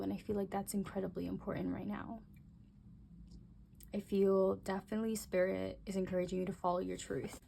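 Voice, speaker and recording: A young woman doing a casual tarot reading, talking gently and musing aloud, with soft exclamations as she turns the cards. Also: medium pitch, little pitch movement, brisk, vocal fry, a little hiss or hum. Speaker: tarot reader.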